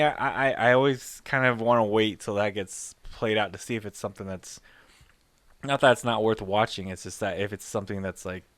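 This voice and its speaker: A man with a fairly low voice, chatting as a podcast co-host. He rambles and restarts his sentences as he thinks aloud. The recording is dry and close. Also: a bit bright, no echo. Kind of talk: casual chat.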